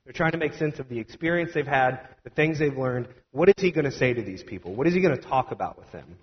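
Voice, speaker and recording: A young adult man preaching a storytelling sermon as a pastor, conversational and animated, with plenty of fillers. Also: mid-range voice, fast. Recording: dull sound with long hall reverb.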